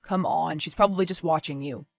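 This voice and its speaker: A woman voicing a careless father who breezily brushes off his girlfriend's worries in an animated story. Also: low voice, a little fast, creaky, pitched below the performer's own voice. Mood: reassuring. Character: dismissive careless father, a grown man. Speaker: boyfriend and father.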